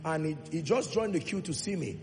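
A man preaching a sermon in a church, calling for congregation responses and swelling to loud, emphatic peaks, drawing out key words slowly. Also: a little high, lively intonation, slight background noise. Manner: drawn-out, slow emphatic delivery on key points. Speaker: pastor. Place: large church hall. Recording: long hall reverb with faint music.

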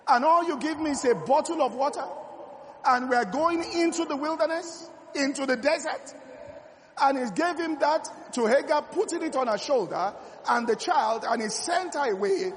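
Male preacher, very high pitched, emphatic sermon delivery, long hall reverb. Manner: emphatic preaching, reads scripture aloud, rises to shouts. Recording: echoey hall with faint room noise.

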